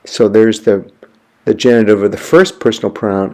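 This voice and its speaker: A man's voice: fairly low pitch, steady tone, creaky, mellow. A man giving a lecture, explaining forms patiently and reading passages aloud. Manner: slow, explanatory, reads Greek aloud. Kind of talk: classroom lecture.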